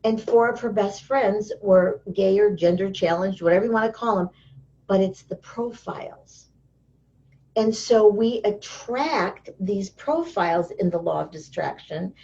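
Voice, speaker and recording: A woman guest in an interview, telling stories in a lively way and acting out the voices of the people she quotes. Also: mid-range voice, a little slow, vocal fry. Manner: lively storyteller who acts out quoted voices. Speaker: interview guest, healing teacher. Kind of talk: casual interview talk. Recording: dull lo-fi sound.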